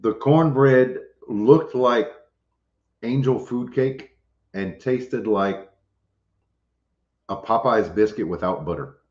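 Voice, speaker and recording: Hosting his homestead channel's livestream, this man chats casually and jokingly with viewers, reading their comments aloud. His voice is medium-pitched and darkish, with a slow pace and long pauses. The lo-fi recording sounds roomy and dull.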